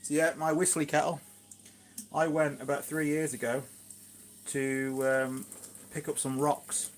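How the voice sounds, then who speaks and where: A man's voice: a little high, flat delivery, unhurried, slight background noise. A man with a Shropshire accent, chatting casually and rambling with asides at home in his kitchen during a live stream. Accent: Shropshire English. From England, Shropshire. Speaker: gardening vlogger, live streamer.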